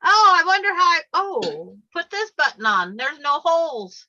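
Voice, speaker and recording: A woman's voice: extremely high pitch, big pitch swings, moderate pace, pushed and bright. An older woman hosting a craft video, chatting casually over a video call and telling stories while she works. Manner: chatty, storytelling, laughs easily. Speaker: craft channel host. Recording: muffled video call audio.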